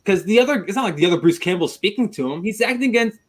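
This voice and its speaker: A man's voice: high voice, animated, racing. A man in a casual film podcast chat, talking enthusiastically and rambling, often repeating himself. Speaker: podcast panelist.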